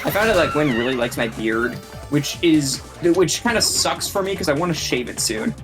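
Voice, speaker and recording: A man's voice: fairly high pitch, animated, moderate pace. A man streaming and chatting casually with friends, rambling and laughing between thoughts. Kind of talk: casual voice-chat banter. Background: game music.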